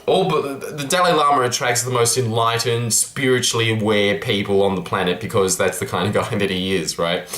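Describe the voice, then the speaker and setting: A man's voice: lowish voice, brisk, few pauses, a bit bright. A young man giving a casual self-help talk to camera, earnest and rambling, with many restarts. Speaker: vlogger. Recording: roomy echo.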